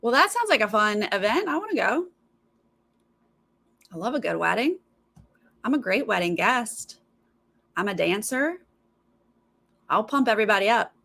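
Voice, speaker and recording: A woman's voice: mid-range voice, sing-song, normal speed, gravelly, long pauses, pushed and bright. A woman hosting a live stream, chatting casually with viewers and mimicking other people's voices in her stories. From Los Angeles. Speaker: live stream host reacting to a TV show.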